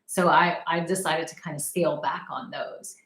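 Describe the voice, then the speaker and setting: A woman's voice: low voice, normal speed, roomy sound, low-quality recording. A woman telling a personal story in a casual, rambling way. She laughs often and acts out her past reactions. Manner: chatty, rambling, laughs often, animated retellings. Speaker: vlogger sharing personal experience.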